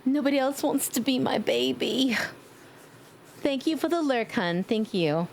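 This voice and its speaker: A woman streamer chatting casually with her viewers in a playful way, now and then slipping into squeaky baby talk and screams. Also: animated, measured pace, creaky, slight background noise. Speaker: livestreamer. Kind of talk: casual live-stream chat.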